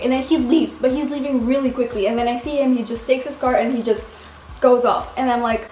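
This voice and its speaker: A woman's voice: sits high, fairly even intonation, fast talker, darkish tone, a little hiss or hum. A young woman vlogger telling a story dramatically, swearing a lot with many fillers. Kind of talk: storytime vlog. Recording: roomy echo.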